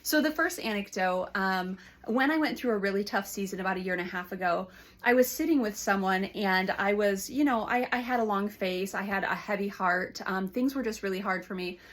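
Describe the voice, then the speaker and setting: A woman's voice: mid-range voice, brisk. Woman counselor telling stories to camera. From United States. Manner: warm storytelling with frequent fillers and restarts. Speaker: licensed counselor. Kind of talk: casual advice talk to camera.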